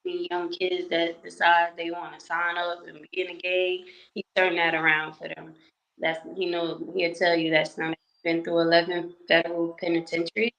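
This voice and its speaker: A woman's voice: on the low side, completely flat delivery, normal speed, vocal fry, a bit bright. A woman guest on a talk show, speaking as a youth program coach. She gives plain, matter-of-fact answers in a casual interview chat. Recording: muffled lo-fi audio.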